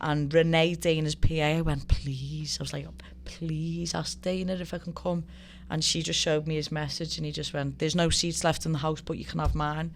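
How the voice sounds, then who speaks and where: A woman's voice: low voice, normal speed, few pauses, slight background noise. A woman in her thirties with a Liverpool Scouse accent, telling stories in a casual chat as a guest, swearing freely and acting out quotes. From Liverpool, England. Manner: lively storyteller, swears freely, acts out quotes. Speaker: guest, professional fighter.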